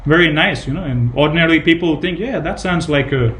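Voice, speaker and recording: This devotional sermon comes from a man whose voice is a bit high, quick, and fairly bright. He retells stories, repeats himself for emphasis, and leans on casual fillers as he teaches scripture.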